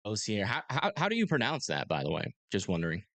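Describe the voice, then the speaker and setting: Man, lowish voice, dry close sound, casual live weather commentary, halting. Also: huge pitch swings, a bit bright, no room sound. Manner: casual, halting, thinking aloud with fillers. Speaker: storm-tracking livestream host.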